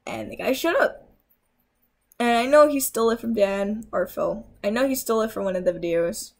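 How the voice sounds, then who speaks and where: A woman's voice: mid-range voice, normal speed, vocal fry. Young woman, tired, rambling casual rant, laptop mic. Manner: rambling, with fillers and self-corrections. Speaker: YouTuber ranting.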